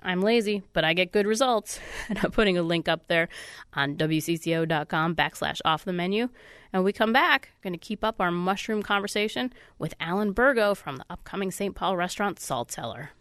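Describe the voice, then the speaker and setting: Speaking a little fast, this radio food show host has an animated voice on the low side, a bit bright. She's a woman who chats upbeat and self-deprecatingly through a casual segment despite a stuffy nose. Recorded in a radio studio on a studio microphone, the sound is studio quality with no echo.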